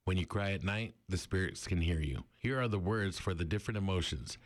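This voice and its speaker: Male narrator, very low voice, steady and explanatory, lesson read-out. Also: a little fast. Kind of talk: scripted narration.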